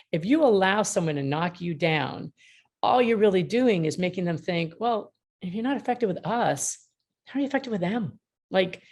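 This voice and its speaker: A woman with a low, gravelly voice speaks on a video call. She teaches with emphatic humor, slipping into little acted-out exchanges to make her points land. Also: darkish tone. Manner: emphatic, humorous, acts out dialogue. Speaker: mediator and author being interviewed. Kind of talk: lively teaching talk with anecdotes.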